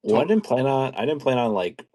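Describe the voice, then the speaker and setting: A man co-hosting a podcast, talking in a relaxed, reflective way in loose run-on sentences. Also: medium pitch, a little fast, no echo. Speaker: podcast co-host. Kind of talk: casual podcast chat.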